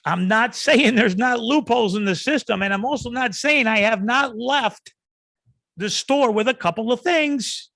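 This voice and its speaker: A man's voice: extremely high pitch, normal speed, no echo. A man hosting a podcast, rambling through a comic rant. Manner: ranting, rambling, acts out yelling. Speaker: podcast host. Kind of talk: comedic rant.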